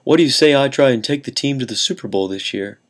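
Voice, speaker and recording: A man's voice: mid-range voice, expressive, fast, natural voice. Man doing a folksy friendly quarterback. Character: friendly star quarterback, easygoing and kind.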